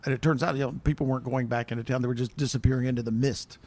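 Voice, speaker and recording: A man's voice: medium pitch, steady tone, rapid-fire, darkish tone. A man in casual chat, reminiscing with self-deprecating humor and frequent restarts.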